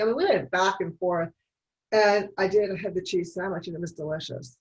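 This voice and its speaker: A woman's voice: mid-range voice, normal speed, dull audio. A woman on a coaching call, reflecting aloud and talking through her inner dialogue. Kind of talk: casual reflective talk on a call. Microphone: video call.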